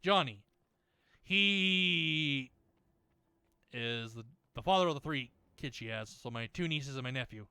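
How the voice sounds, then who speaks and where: Bright-toned man ranting and swearing. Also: mid-range voice, lively intonation, unhurried, smooth, no echo. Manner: rambling, many restarts and fillers. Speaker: gaming video creator. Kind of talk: casual chat over gameplay.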